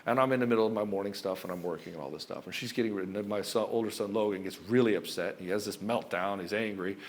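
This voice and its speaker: A middle-aged man giving relationship advice as a coach, talking forcefully and emphatically and swearing freely. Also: lowish voice, quick pace. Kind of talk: direct-to-camera advice monologue.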